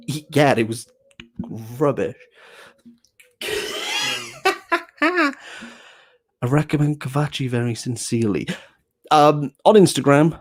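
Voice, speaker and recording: A man's voice: mid-range voice, a little mellow, no room sound. A young man chatting casually through a bookshelf tour, rambling and joking at his own expense. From Wales. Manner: joking, rambling, self-mocking with laughs. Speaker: book vlogger. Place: small box room at home.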